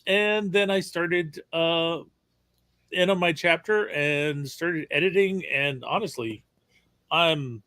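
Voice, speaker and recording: A man co-hosting a casual live stream, talking in a halting way with repeated words and small chuckles. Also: fairly high pitch, sharp tone, dry recording, clean studio sound. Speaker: stream co-host, writer.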